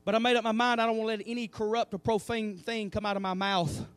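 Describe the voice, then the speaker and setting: A male pastor delivers an animated sermon, swinging from quiet asides to loud calls to the congregation. His voice sits very high for a man. The sound is dry and close. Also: quick pace, dry recording. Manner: animated preaching with call-and-response asides. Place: church sanctuary.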